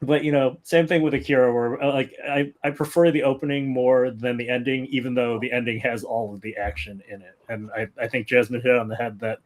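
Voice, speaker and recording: A man co-hosting a casual film-review podcast, chatty and animated, acting out his reactions in quoted asides. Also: medium pitch, fairly quick, few pauses. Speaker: podcast co-host.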